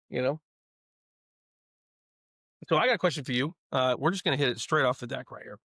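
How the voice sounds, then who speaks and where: A man telling a story as a guest in casual chat, lively and playful, acting out the people in it. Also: medium pitch, brisk, creaky, pauses often, dry recording, studio quality. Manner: animated, playful storyteller who acts out the other people in his stories.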